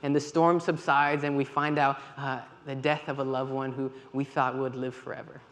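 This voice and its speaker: Man telling lively stories in a reverberant hall. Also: mid-range voice, moderate pace. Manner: lively storytelling with quoted dialogue and laughs. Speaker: volunteer leader with kids. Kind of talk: church sermon talk. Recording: long hall reverb, faint ambience.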